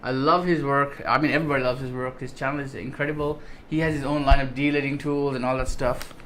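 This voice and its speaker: Excited man rambling through a tech unboxing. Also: mid-range voice, quick pace, a little hiss or hum. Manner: enthusiastic, rambling, many fillers and restarts. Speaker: tech vlogger. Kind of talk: casual unboxing chat.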